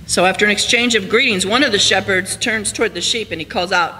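A man with a high, bright voice preaches a storytelling sermon from the pulpit, swinging between ringing emphasis and hushed, slowed lines. His voice carries a long church-hall reverb with a faint hiss underneath. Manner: storytelling, rises high and loud for emphasis then drops soft and slow. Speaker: pastor. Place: church sanctuary.

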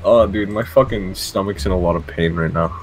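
A man's voice: low-pitched, brisk, slight background noise. A young man chatting casually while playing a game with a friend, dry and crude in his jokes. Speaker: co-player. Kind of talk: casual gaming chat.

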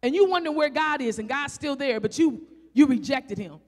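A woman preacher with a Southern country accent, delivering a fervent sermon full of rhetorical questions, rising to shouts and drawing out scripture as she reads. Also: high-pitched, animated, normal speed. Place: church sanctuary. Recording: echoey church hall.

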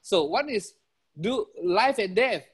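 A man with a Malaysian English accent giving a motivational business talk over a video call, animated, chuckling and repeating key phrases. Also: high-pitched, takes it slowly, husky.

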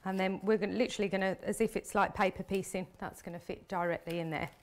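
A woman with a mid-range, steady-toned voice speaks fast while demonstrating card making on a live stream. She's a chatty craft demonstrator who keeps talking as she works with her hands.

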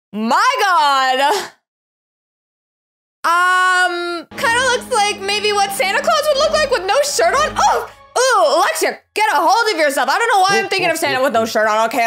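Woman, very high voice, lively swooping pitch, excitable reaction commentary, faint music behind. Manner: excitable, exclamatory, gasping. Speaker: channel host reacting to images.

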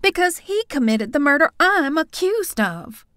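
Woman playing young vampire woman, anxious, pleading, earnest, high and lively. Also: measured pace, no echo, studio quality, heavily acted.

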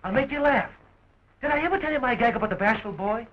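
An actor playing a wisecracking young man who talks in quick joking patter while fighting to free his fiancée, from a dull old film soundtrack. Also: extremely high pitch. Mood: coaxing.

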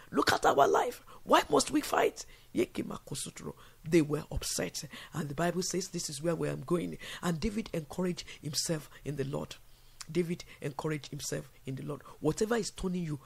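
A man preaching at a night prayer vigil, building to loud repeated declarations. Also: high-pitched, creaky, slightly rough. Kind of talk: fervent sermon and prayer.

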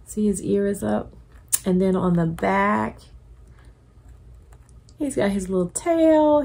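Slow-talking, gushing middle-aged woman. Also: mid-range voice, creaky, husky. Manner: gushing, excitable, repeats her delight. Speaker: collector YouTuber. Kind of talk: casual unboxing chat.

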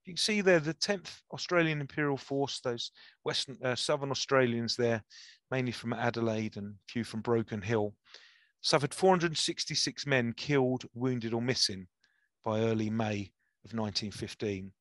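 A man giving a history lecture, reading a soldier's memoir aloud with lively enthusiasm and acting out the quoted dialogue. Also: mid-range voice, normal speed, no echo.

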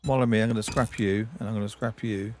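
A man's voice: on the low side, fairly even intonation, quick pace, a little mellow, a little hiss or hum. Chatty man doing let's-play commentary. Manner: chatty, talks to himself and to objects in the game. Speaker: game streamer.

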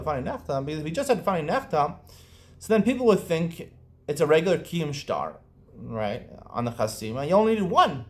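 A man teaching a Talmud lesson, explaining quickly and lifting into a chanting lilt on quoted Aramaic, with frequent restarts. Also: a little high. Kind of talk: daf yomi study lesson.

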